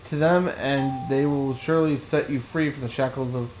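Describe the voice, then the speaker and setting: A man's voice: medium pitch, steady tone, normal speed, a little mellow, roomy sound, soft background music, natural voice, rough recording. A man reading as a cowardly merchant posing as a priest. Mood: solemn.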